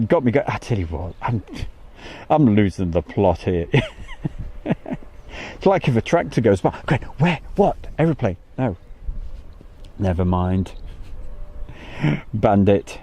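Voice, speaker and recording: A man's voice: on the low side, dark tone. A man hosting a casual livestream outdoors by an airfield, chatting, reading out viewer comments and laughing easily. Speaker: livestream host.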